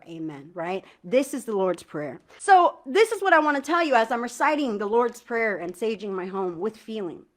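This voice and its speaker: A woman tarot reader talking casually to her viewers about spiritual home cleansing, earnest and enthusiastic, with slangy asides and slow, heartfelt prayer recitation. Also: a little high, fairly bright tone. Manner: recites prayer lines slowly with feeling. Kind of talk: casual spiritual talk to camera.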